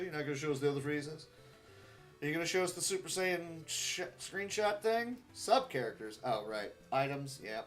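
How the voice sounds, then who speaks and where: Male speedrunner, a touch high-pitched, muttering dry asides over faint game music. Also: fairly bright tone. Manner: muttered, wry asides to himself. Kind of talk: live gameplay commentary.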